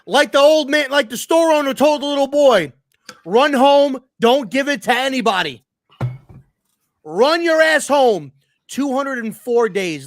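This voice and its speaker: A man's voice: very high voice, lively intonation, measured pace, dry recording. A sports show host ranting at his live chat, angry and frustrated, emphatic and profane, repeating his points. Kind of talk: heated sports rant.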